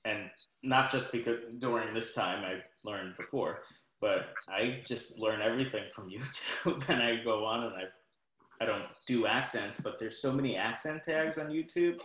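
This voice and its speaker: A man's voice: medium pitch, moderate pace, fairly bright tone, reverberant, a little hiss or hum, low-quality recording. A man working as a talent manager, giving casual, rambling advice with frequent restarts at an online info session.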